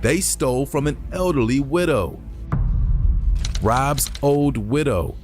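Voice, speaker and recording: A man giving scripted narration for a crime recap video, in an even, measured delivery. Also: medium pitch, music in the background.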